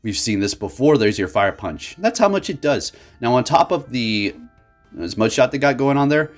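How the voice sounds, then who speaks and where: A man giving casual, excitable gameplay commentary for his channel, laughing often and talking to viewers as folks. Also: medium pitch, normal speed, faint music behind. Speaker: gaming YouTuber.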